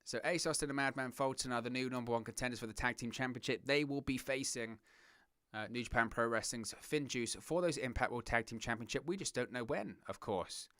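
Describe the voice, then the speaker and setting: A young man from southern England with a southern English accent, hosting a wrestling watch-along with excitable play-by-play commentary. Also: medium pitch, a little fast, dry recording, clean studio sound. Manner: excitable play-by-play, giggles at puns, reads chat.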